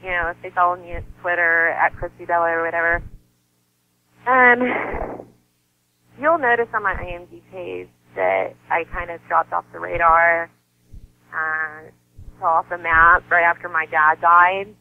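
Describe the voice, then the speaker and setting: A woman's voice: lowish voice, expressive, measured pace, phone-quality sound. A woman in her thirties, a model and actress guesting on an interview show, talking earnestly and from the heart. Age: 30s. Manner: earnest and heartfelt, laughs easily, voice softens when grieving. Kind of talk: emotional personal interview talk.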